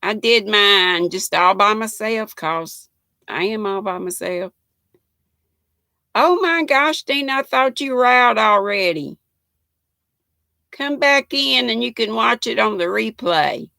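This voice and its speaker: A woman's voice: a little high, animated, slow, creaky, sharp tone, dry recording. An older woman with a Southern US accent hosting a casual live stream, chatting folksily and greeting viewers by name as she answers their comments. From North Carolina.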